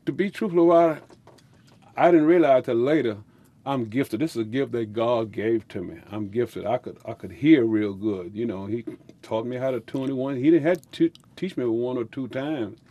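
Older Louisiana man with a mellow voice. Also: medium pitch, normal speed. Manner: rambling, laughs often, folksy speech. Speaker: musician. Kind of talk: storytelling interview.

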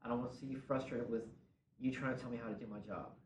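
A man's voice: medium pitch, fairly even intonation, fast talker. Man teaching a workshop from across a room. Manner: conversational, acts out sample dialogues. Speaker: workshop presenter on worship ministry. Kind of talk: conference workshop talk. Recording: roomy and distant, faint room noise.

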